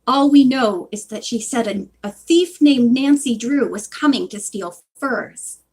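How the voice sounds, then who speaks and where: Woman voicing a worried male fur shop owner, hesitant, pleading, slow storybook reading. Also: fairly high pitch, lively intonation, darkish tone, slightly rough.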